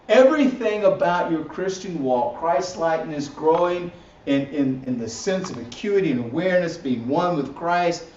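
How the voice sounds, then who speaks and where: High-voiced man teaching in a roomy space. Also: darkish tone. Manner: repetitive restarts, rhetorical "right?" tags. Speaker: ministry teacher. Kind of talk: recorded teaching session. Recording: roomy, distant, dull lo-fi audio.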